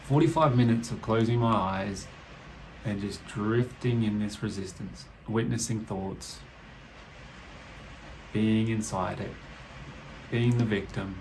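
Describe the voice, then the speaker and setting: A man hosting a reflective solo podcast, talking slowly and thoughtfully, swearing casually, indoors with heavy rain outside. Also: on the low side, fairly even intonation, a little mellow, slight background noise, rough recording. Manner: slow, musing, swears casually. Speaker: podcast host. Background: rain ambience.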